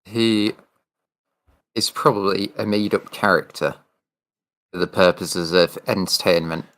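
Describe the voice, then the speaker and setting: A man's voice: sits low, unhurried, fairly bright tone. A man co-hosting a casual podcast, talking in a blunt, sardonic way. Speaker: podcast co-host. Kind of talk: casual chat.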